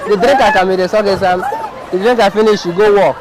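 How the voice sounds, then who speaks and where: High-voiced Nigerian man telling a comic tale. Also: quick pace, poor audio. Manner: animated, playful, rhythmic repetition. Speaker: storyteller. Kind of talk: comic storytelling. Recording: outdoors with crowd and noise.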